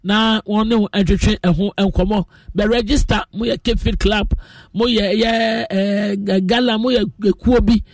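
Speaking from a radio studio, this Ghanaian host reads her listeners' messages out loud, laughing playfully in a relaxed blend of Twi and English. Her mid-range voice has fairly even intonation and a slightly slow delivery.

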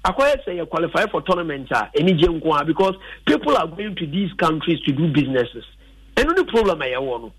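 On sports talk radio, a Ghanaian-accented man offers emphatic football punditry, shifting between English and a local language. His slightly rough, sing-song voice is a little high and a little fast, and the recording is rough.

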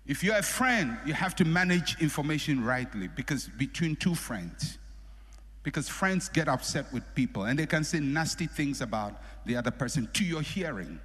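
A middle-aged male pastor delivers a sermon with a lively, fairly high voice that swings up and down. He slips into the voices of the people he quotes. The sound rings with long reverb from a large hall. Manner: animated preaching, acting out quoted people.

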